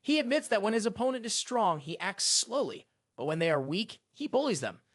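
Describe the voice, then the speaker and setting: A narrator reading a fantasy comic recap as scripted storytelling in a steady manner, recorded close on a voice-over mic. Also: medium pitch, a little fast, dry recording.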